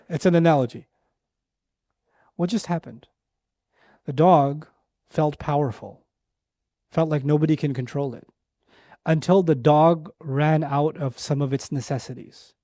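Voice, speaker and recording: A man giving an Islamic lecture on Quran verses, telling an animated story, repeating phrases for emphasis and reciting Arabic verses quickly. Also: a little high, dry recording, studio quality.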